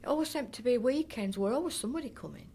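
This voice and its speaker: Speaking rapid-fire in a rather high, expressive voice with a warm tone, this older North East Derbyshire woman rambles fondly through her memories for an oral history. She restarts often and drifts into affectionate asides, and there's slight noise in the background.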